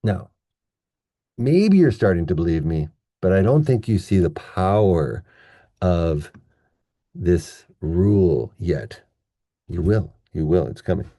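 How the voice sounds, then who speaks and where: A man gives a patient, playful pronunciation lesson. His voice sits low and sounds very dark and mellow. He talks at an unhurried pace. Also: big pitch swings, no room sound, clean studio sound. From Canada. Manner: patient, playful, drawn-out demonstration words. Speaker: English pronunciation teacher.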